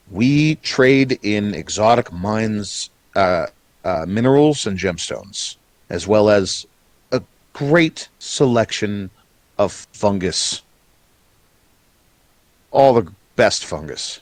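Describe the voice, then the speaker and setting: A man's voice: fairly low pitch, no echo. A man voicing a nervous, overly polite goblin nobleman who is the eldest son of a lord. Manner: flustered, overly polite diplomat.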